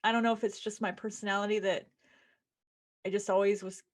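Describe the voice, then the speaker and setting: A woman's voice: medium pitch, level tone, fairly quick. A middle-aged woman podcast co-host and author, telling stories in casual chat and acting out what people said. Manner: chatty storyteller, acts out quotes in voices.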